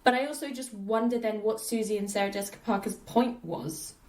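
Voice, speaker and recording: A woman hosting a casual podcast chat, animated, often laughing and acting out characters' lines. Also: medium pitch, fairly quick, roomy sound, a crowd in the background. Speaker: podcast host.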